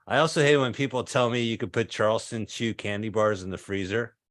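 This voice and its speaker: Deadpan man in his fifties doing stand-up. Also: fairly low pitch, fairly quick, no echo, studio quality. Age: 50s. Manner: deadpan absurd one-liners. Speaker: stand-up comedian. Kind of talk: stand-up set. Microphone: video call.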